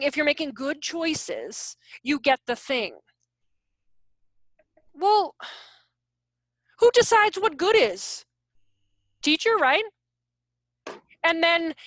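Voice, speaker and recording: A high-pitched woman in her thirties leads an online workshop over a video call. She is animated and keeps throwing rhetorical questions at her listeners. The sound is dry and close. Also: dry recording. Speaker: workshop presenter on child behavior.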